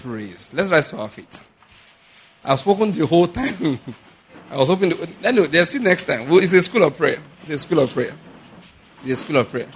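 A man preaching a sermon, animated, acting out little dialogues and slowing to a measured chant on scripture. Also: on the high side, slight background noise. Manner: animated, acts out little dialogues and laughs often. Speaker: pastor.

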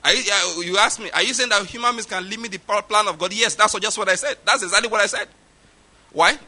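A man's voice: high voice, quick pace, bright, forceful tone. A middle-aged man with a Nigerian accent preaching a sermon, stressing his points and repeating them for emphasis. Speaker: pastor.

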